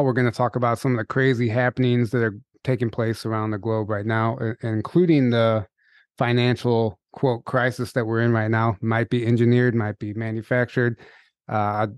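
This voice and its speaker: A man's voice: mid-range voice, level tone, normal speed, no room sound, clean studio sound. A man hosting a podcast, reading the promos and interviewing a guest in a casual, upbeat way with frequent fillers. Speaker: podcast host.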